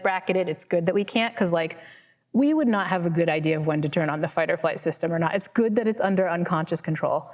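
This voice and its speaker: In a reverberant hall, a woman professor with a medium-pitched, a little mellow voice responds to an audience member over a microphone. She keeps it casual and self-mocking, leaning heavily on fillers like "right?" and "like."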